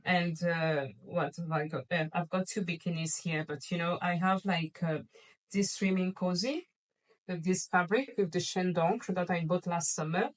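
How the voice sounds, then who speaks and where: A woman's voice: lowish voice, steady tone, normal speed, far from the mic, poor audio. A woman vlogger chatting casually and playfully to her viewers about luxury shopping, gushing over items. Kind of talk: casual chatty haul video.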